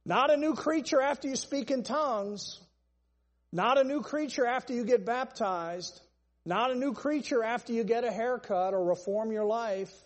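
Male preacher, emphatic sermon, high voice, long hall reverb. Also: normal speed. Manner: emphatic, repetitive list-style preaching.

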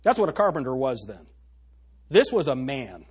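Husky, lively-voiced male preacher. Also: medium pitch, moderate pace. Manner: emphatic, rhetorical questions to the congregation; reads scripture aloud. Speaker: pastor. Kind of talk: sermon.

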